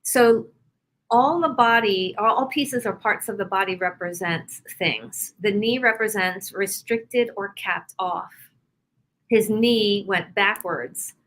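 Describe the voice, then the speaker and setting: A woman guest on an interview show, a healer, talking casually and telling stories about her clients with lively examples. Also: medium pitch, slow pace, a little hiss or hum, poor audio. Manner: animated storyteller, explains with examples.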